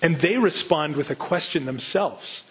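A man's voice: on the high side, unhurried, a little hiss or hum. A pastor reading a gospel passage aloud and then teaching on it, earnest and conversational, putting direct questions to his listeners. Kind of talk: Bible reading and sermon teaching.

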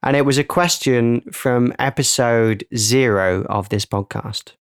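A man's voice: medium pitch, unhurried, smooth, no room sound, studio quality. A man co-hosting a podcast in casual, playful, joking chat. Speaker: podcast co-host.

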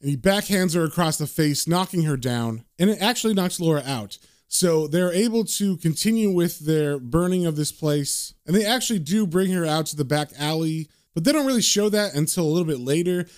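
A man's voice: on the high side, lively intonation, a little fast, hardly any pauses, darkish tone. A chatty man recapping a comic. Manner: chatty and conversational. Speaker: comic book reviewer.

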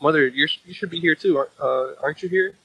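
A man's voice: a little high, fast talker, husky, muffled recording, voice pushed up. A man voicing a brash, angry young male swordsman in raised, indignant outbursts as he reads manga dialogue aloud. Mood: pleading.

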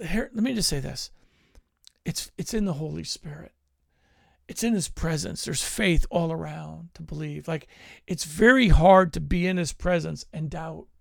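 A man preaches in an earnest, conversational teaching style, moving from personal stories to scripture. His voice sits high and carries heavy gravel. The sound is close and dry, with no room around it. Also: dry recording. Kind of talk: teaching sermon.

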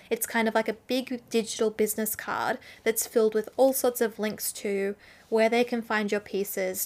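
A woman hosting a casual solo podcast, talking through business advice for artists in an earnest, chatty way. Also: on the high side. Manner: chatty, earnest, with fillers and restarts.

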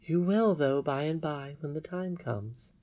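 A gentle, regal old princess speaks in a raised, soft voice, solemn and measured as she instructs, with a man putting her on. It is read as a storybook audiobook. The recording sounds dull and lo-fi. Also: on the high side, lively intonation, voice pushed up. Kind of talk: audiobook reading.

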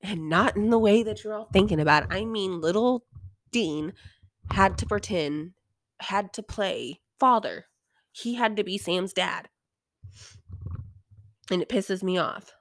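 A woman's voice: medium pitch, animated, a little slow, long pauses, dry recording, studio quality. A young woman hosting a podcast, casually recapping a TV episode in a chatty, irreverent way, swearing freely and sighing now and then. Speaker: podcast host.

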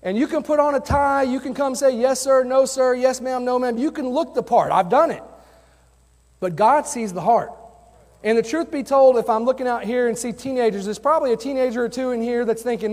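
Man, youth pastor, high voice, earnest conversational sermon, long reverb. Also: brisk, a little mellow. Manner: earnest, conversational preaching with personal stories. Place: church sanctuary.

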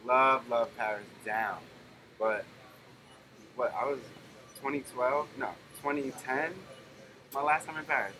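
Man, relaxed anecdotal talker, average pitch, noisy recording. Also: unhurried, long pauses. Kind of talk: casual chat. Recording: noisy background.

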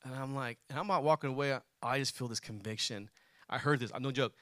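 A man's voice: mid-range voice, fast, no room sound, studio quality. A man preaching a sermon, telling a personal story and calling on the congregation to answer back. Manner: animated, calls on the congregation to respond.

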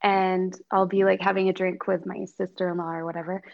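A woman from Canada chats as a podcast guest, her voice carrying a gravelly fry. She talks loosely with many fillers and laughs often. The audio comes through dull and lo-fi. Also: on the low side, little pitch movement, brisk. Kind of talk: casual interview chat.

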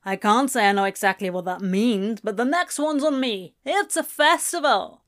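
A woman voicing a gruff, pushy older man with a bluff, loud manner. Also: on the high side, normal speed, close to an everyday voice.

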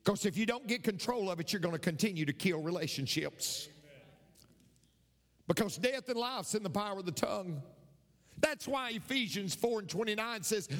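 A man's voice: high-pitched, lively intonation, normal speed, a bit bright, in a large hall. A male pastor preaching a sermon emphatically, repeating key phrases and quoting scripture.

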